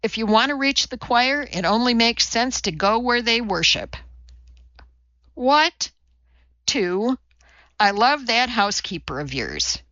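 A woman narrator voicing a blunt, brash female executive who talks briskly and bossily, recorded a little dull. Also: a little high, animated, bright, forceful tone, no echo, heavily acted. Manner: brisk, profane, bossy.

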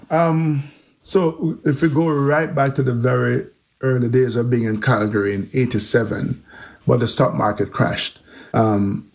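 A man recounts his story with animated energy and a gravelly edge to his voice, and it comes through a little dull and muffled. His pitch sits in an ordinary middle range. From Jamaica. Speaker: interview guest. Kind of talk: storytelling interview.

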